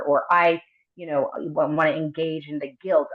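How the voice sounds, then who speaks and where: A woman mindfulness coach explaining her practice as an interview guest, gently, with frequent ums and tag questions. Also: sits low, steady tone, moderate pace. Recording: tinny phone-like line.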